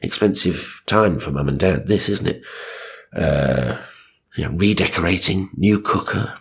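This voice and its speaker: Male narrator, low and husky, dry comic asides. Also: measured pace. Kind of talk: comic reading of magazine stories.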